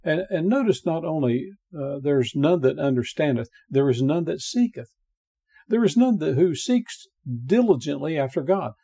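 A man preaching a verse-by-verse Bible sermon, reading scripture aloud and hammering home key words with earnest repetition, with frequent pauses and restarts. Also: a little high, expressive, gravelly, mellow, breathy edge. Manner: earnest, reads scripture aloud and stresses single words by repeating them; halting, with frequent uh fillers and restarts.

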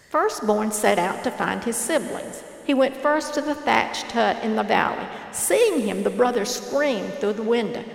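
A woman reading a parable aloud in a measured, earnest storytelling manner. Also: a little high, animated, gravelly. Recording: echoey hall reverb.

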